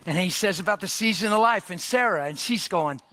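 A man preaching a sermon, animated and dramatic, swinging from loud bursts to hushed near-whispers as he acts out the people in his story. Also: high-pitched, brisk.

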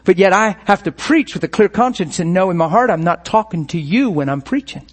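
High-voiced man preaching with passion. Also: expressive, a little fast. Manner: impassioned, storytelling, acts out inner thoughts; conversational preaching with laughs. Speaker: pastor. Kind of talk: sermon.

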